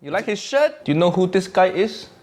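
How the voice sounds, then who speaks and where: A man's voice: sits high, big pitch swings, a little fast, darkish tone. A man speaking broken English in a comic persona, teasing his co-host while reacting to food. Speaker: comedy food critic persona.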